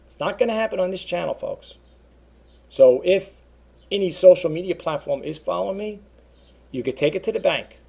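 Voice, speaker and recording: A man's voice: high voice, lively intonation, normal speed, creaky, pauses often, mellow, slightly rough. A man talking to his viewers over a webcam in a casual, rambling monologue, earnestly repeating himself. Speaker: eBay seller vlogger.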